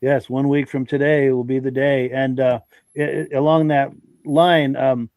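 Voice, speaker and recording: A man's voice: medium pitch, level tone, a little slow, a little mellow, no echo. Congested man hosting a live podcast. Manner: friendly, folksy, reads out comments with fillers. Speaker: podcast host. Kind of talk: live-stream podcast hosting, reading viewer comments.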